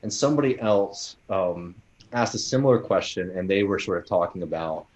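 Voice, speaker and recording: A man's voice: low voice, animated, normal speed, darkish tone. An American man co-hosting a casual panel chat, reading listener questions and rambling with many fillers. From United States.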